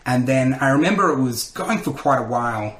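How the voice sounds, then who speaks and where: A man, a comedian telling lively stories in a podcast interview and acting out the voices of people he quotes. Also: mid-range voice, fairly quick, echoey room. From Australia. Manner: animated storyteller who acts out quotes. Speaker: comedian and radio host, podcast guest. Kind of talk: casual interview storytelling.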